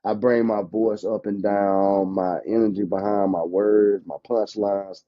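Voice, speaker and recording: A man, an insurance agent chatting casually as a podcast guest, lively and quick to laugh. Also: fairly low pitch, dry recording. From Alabama, US. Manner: animated, talkative, laughs often. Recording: dull, dry lo-fi sound.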